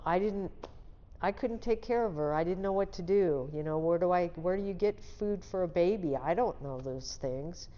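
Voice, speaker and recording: A Seattle-area woman in her 60s, lowish and darkish in tone, gives a candid, plain-spoken account of her life as an interview guest. The recording itself is dull and lo-fi, with long reverb.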